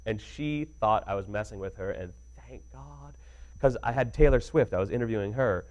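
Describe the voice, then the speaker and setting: A man's voice: lowish voice, normal speed, darkish tone. A young adult man, a radio DJ, telling stories as a guest in casual interview chat, laughing often and doing playful impressions.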